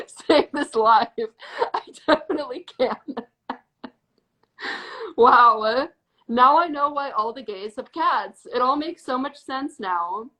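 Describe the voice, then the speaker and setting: Brief: high-voiced woman, slow and relaxed, giggly host on a phone stream. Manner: giggly, laid-back, soft-spoken. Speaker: livestream host. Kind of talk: casual livestream chat. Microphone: phone on a livestream.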